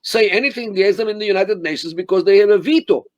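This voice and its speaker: An older man talks as an interview guest over a video call. He speaks in a fairly high voice, stressing words deliberately and often restarting his phrases. The sound is close and dry, with no room echo. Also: darkish tone, dull audio. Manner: deliberate, emphatic, many restarts and fillers. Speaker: interview guest, Middle East scholar.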